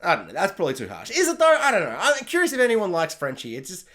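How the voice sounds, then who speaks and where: Man, high-pitched voice, casual TV review, excitable, chatty, lots of fillers. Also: quick pace. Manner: chatty and excitable, heavy use of "like". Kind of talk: casual spoken TV episode review.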